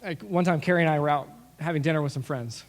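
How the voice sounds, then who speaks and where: Pastor guy telling stories in his sermon, voice a bit high, big hall echo. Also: quick pace. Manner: storytelling, animated with asides and acted-out quotes. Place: church sanctuary. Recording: long reverb of a large hall.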